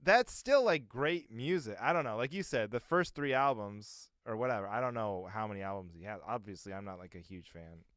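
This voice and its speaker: A man's voice: lowish voice, a little fast, few pauses, a bit bright, no echo, clean studio sound. A man co-hosting a podcast in casual, rambling chat, full of fillers and asides. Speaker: podcast co-host.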